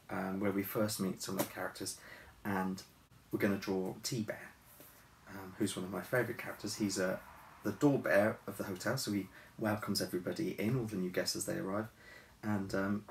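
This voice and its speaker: A man who writes and illustrates children's books, chatting in a relaxed way and reading his story aloud in his office. He is recorded from a distance, with faint hiss behind him. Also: lowish voice, echoey room.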